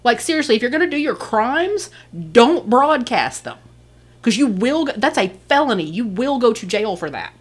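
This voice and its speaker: A woman with a fairly high voice that swings widely in pitch, talking on a casual podcast. She is blunt and opinionated and swears freely. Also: very animated, moderate pace. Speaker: podcast co-host. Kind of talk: casual chat.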